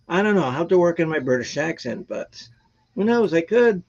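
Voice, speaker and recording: Man, high voice, rambling chatty host, laughs a lot, muffled stream audio. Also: moderate pace. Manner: rambling and animated, laughs often. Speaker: host of a live music stream. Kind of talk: casual chat.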